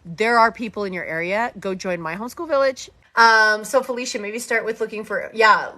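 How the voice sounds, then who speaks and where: A middle-aged woman hosting a live online chat about homeschooling, reading out viewer comments and talking in quick, lively bursts as she acts out conversations. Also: medium pitch, dry recording. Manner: animated, talks in quick bursts and acts out dialogue. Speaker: host of a live homeschooling session.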